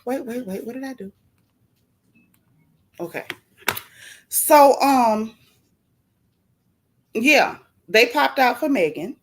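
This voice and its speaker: A woman hosting a casual gossip livestream, chatty and animated, greeting viewers from the chat with swooping, playful emphasis. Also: fairly high pitch, slow pace, pauses often.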